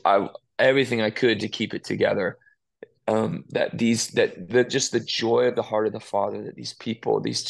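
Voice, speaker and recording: A man's voice: lowish voice, gravelly. A man, a worship musician, talking earnestly and emotionally in a casual interview, often restarting his sentences.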